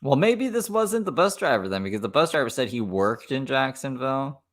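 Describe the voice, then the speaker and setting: A man's voice: medium pitch, very animated, brisk. A man with a Minnesota accent giving casual reaction commentary, with wry asides and laughs. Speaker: commentary streamer.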